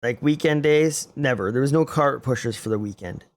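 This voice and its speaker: A man's voice: medium pitch, moderate pace. A young man co-hosting a podcast, talking bluntly in casual chat and swearing a lot. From Arizona. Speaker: podcast co-host.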